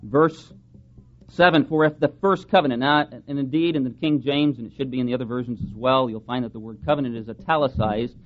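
A man with a brisk, mid-range voice preaches a sermon, reading scripture aloud and driving home his points emphatically with strong rises and falls for stress. The lo-fi recording sounds dull, with faint background hiss.

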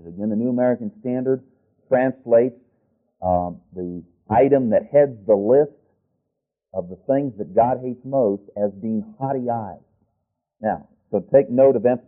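A man preaching a sermon, reading scripture aloud and stopping often to restart and correct himself. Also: lowish voice. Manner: deliberate, with restarts and self-corrections. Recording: tinny phone-like sound.

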